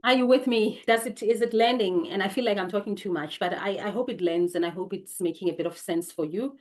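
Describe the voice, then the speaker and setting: A South African woman hosting her channel, talking to viewers in a chatty, emphatic way, jumping into high voices for quotes. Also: a little fast, a little mellow. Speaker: channel host. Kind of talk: casual spoken talk to viewers.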